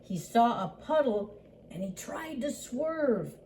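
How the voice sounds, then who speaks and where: An older woman, a grandmother, reading a picture book aloud in a slow, sing-song way and voicing the animal sounds. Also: a little high, sing-song, a little mellow, a little hiss or hum.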